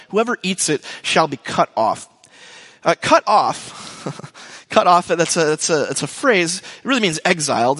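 Middle-aged man, pastor, casual rambling sermon, slightly high voice, echoing hall. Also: a bit bright. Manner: conversational, rambling with restarts and asides. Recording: long hall reverb.

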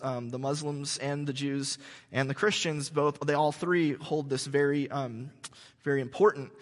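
A man preaching a sermon to his congregation, telling stories in an animated, joking way with many restarts. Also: fairly high pitch, long reverb tail. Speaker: pastor. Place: church sanctuary.

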